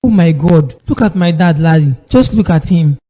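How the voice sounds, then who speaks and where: A man's voice: fairly high pitch, animated, normal speed, dark tone. An actor playing a distressed young man pleading over his father. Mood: anxious. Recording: long hall reverb.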